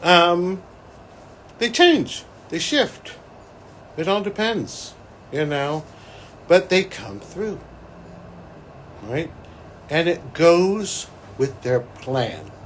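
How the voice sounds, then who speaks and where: A man speaking as a psychic in a solo talk. His pitch is a touch high, and he swings it widely as he describes a vision. He takes his time and bursts into excited whoops. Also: extremely slow, long pauses, a little hiss or hum, low-quality recording. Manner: animated, with excited exclamations.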